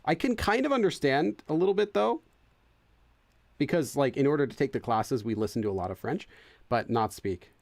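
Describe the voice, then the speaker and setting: A man's voice: mid-range voice, lively intonation, normal speed, gravelly, darkish tone, dry recording. A young man hosting a casual let's-play, chatting, laughing often and translating game text as he goes. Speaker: gaming channel host.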